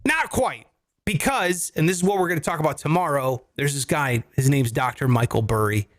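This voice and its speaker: A man's voice: fairly high pitch, a little fast, no room sound. A man co-hosting a comedy finance podcast, explaining with jokes and casual swearing. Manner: animated, jokey, swears casually. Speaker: co-host.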